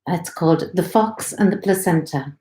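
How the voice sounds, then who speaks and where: A woman's voice: fairly low pitch, moderate pace, warm tone. Woman reading her own story in an echoey room. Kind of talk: live literary reading. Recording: roomy echo.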